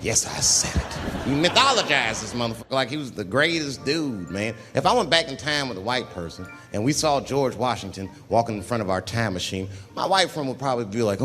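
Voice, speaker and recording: A man doing a stand-up comedy routine, swinging between loud outbursts and muttered asides as he acts out characters. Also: mid-range voice, animated, brisk, few pauses, faint music behind. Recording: live hall reverb with audience noise.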